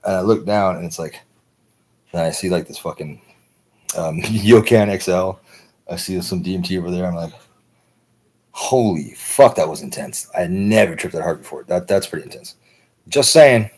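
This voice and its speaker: Deep husky American man rambling. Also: moderate pace, a little mellow. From United States. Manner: loose, profane, repeats "right?". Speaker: livestream host. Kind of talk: rambling casual monologue.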